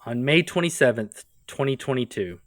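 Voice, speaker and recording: A man co-hosts a comedy podcast, recounting stories in a relaxed, casual way with dry, wry asides. His voice sits in an ordinary middle pitch. The sound is close and dry, with no room echo. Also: normal speed. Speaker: podcast co-host.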